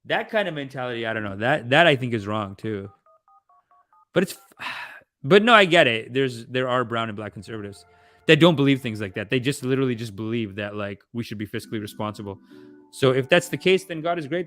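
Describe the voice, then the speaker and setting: A male streamer in the middle of a loose, rambling commentary, tossing in fillers and asides as he goes. His voice sits at an ordinary pitch and sounds dry and close, with no room around it. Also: dry recording. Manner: animated, rambling, heavy use of 'like', quick asides. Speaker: host. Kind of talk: casual commentary while watching a documentary.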